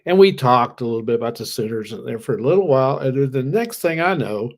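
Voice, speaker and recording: A man co-hosting a betting podcast, telling an animated story in casual chat, swearing now and then and laughing. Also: mid-range voice, fast. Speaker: co-host.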